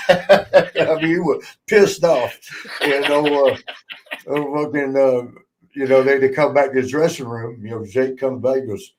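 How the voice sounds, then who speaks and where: A man's voice: mid-range voice, a little slow, slight background noise, low-quality recording. Laughing, swearing male storyteller. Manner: laughs often, swears, acts out quoted voices. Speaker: podcast host, former wrestler. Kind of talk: casual storytelling chat.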